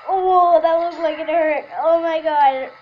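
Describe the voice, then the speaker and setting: A woman's voice: very high voice, fairly even intonation, unhurried, slight background noise. A woman chatting through a reaction video, making apologetic asides to her viewers. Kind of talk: casual reaction commentary. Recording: dull lo-fi home recording with film music behind. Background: film soundtrack music faintly audible.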